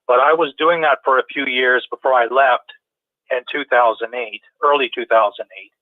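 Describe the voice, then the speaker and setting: A man's voice: mid-range voice, fairly even intonation, moderate pace, no room sound. A man calling in to a talk show, chatting casually and rambling with many restarts. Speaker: caller. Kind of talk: casual call-in chat. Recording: tinny phone line.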